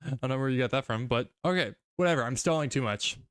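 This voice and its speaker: Smooth-voiced man streaming a story reading. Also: medium pitch, quick pace, dry recording, clean studio sound. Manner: joking, laughs often, reads steadily.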